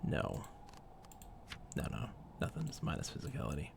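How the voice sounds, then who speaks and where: A man's voice: a bass voice, wildly swooping pitch, moderate pace, creaky, noisy background. A man streaming live gameplay, muttering to himself and reading item text aloud as he plays.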